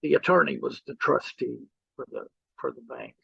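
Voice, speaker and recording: A man's voice: mid-range voice, normal speed, vocal fry, pushed and bright, slightly rough, no room sound, highs cut off. A man teaching real estate through a personal story, acting out the people he quotes. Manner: storyteller who acts out quoted people, repeating "he goes". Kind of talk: anecdotal teaching talk.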